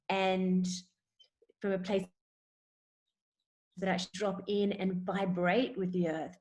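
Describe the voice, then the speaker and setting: Woman guest, mid pitch; halting, searching delivery with frequent repeated words. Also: a little mellow. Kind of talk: reflective spiritual conversation.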